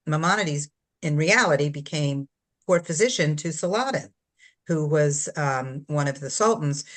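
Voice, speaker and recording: An older woman, an author, talking casually about her book, rambling and stopping to search for words with many fillers. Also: low voice.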